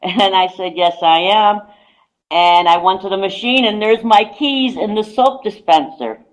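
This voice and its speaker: On a casual radio talk show, a psychic guest spins out a lengthy story, peppering it with "I says." She has a mid-range voice, speaks a little slowly, and the audio is poor.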